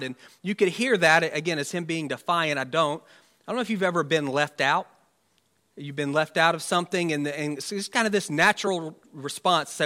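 Bright-voiced man preaching conversationally. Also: fairly high pitch, a little fast. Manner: conversational, musing, with rhetorical asides. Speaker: pastor. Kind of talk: Easter sermon.

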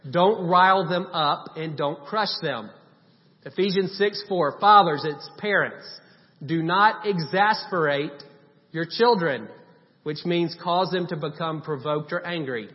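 This pastor speaks at a measured pace in a slightly high voice, preaching conversationally and hammering home points with repeated short commands. The audio is dull, with a long hall reverb.

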